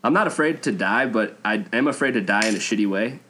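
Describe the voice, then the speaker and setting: A young man co-hosting a podcast, recounting stories in a loose, easygoing way. He laughs often between lines. His voice is on the low side. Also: expressive, fast talker, sharp tone. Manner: laid-back, laughing storyteller. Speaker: podcast co-host. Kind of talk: casual storytelling podcast chat.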